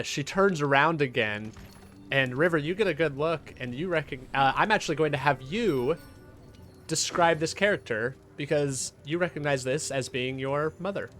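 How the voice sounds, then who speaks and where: A man's voice: medium pitch, fairly bright tone. A man narrating as dungeon master in a tabletop game, casual and full of fillers.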